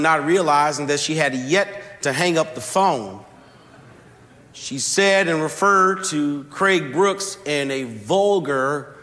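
A man preaching a sermon, telling a story with slow, deliberate emphasis. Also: fairly high pitch, bright, forceful tone. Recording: long hall reverb.

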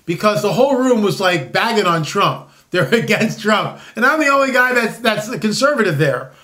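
A man's voice: sits high, expressive, moderate pace, sharp tone. A man in his sixties hosting a solo commentary show, rambling and sarcastic with frequent restarts. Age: 60s.

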